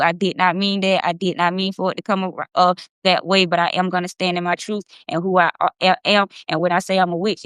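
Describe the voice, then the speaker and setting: A woman's voice: mid-range voice, a bit bright, clear, resonant tone, dry recording. A woman of about thirty hosting a casual livestream, talking in an emphatic, impassioned way and swearing freely. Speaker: livestream host.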